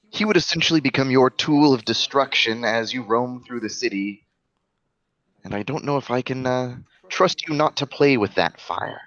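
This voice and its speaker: A man voicing Aiden, a formal, distrustful elder who speaks in measured, careful sentences. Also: medium pitch, fairly bright tone, no room sound. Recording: dull lo-fi recording.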